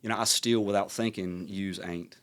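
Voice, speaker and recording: Southern man with a low reflective voice. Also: steady tone, moderate pace, fairly bright tone. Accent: Southern American. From American South. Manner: reflective, rambling, many fillers. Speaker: podcast host. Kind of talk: casual conversation.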